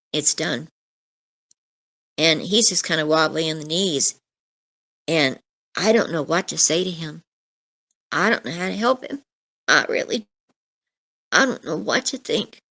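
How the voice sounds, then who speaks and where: A woman's voice: low voice, sharp tone. A middle-aged woman, an interview guest, earnestly recounting a frightening personal encounter, with many asides. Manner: earnest, emotional storytelling with many "you know" asides.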